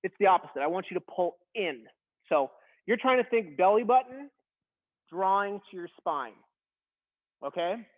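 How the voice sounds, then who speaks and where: A man's voice: high-pitched, expressive, normal speed, pauses often. A man instructing a beginner workout, coaching in a casual, encouraging way while straining through a plank. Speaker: fitness instructor. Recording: tinny phone-like sound.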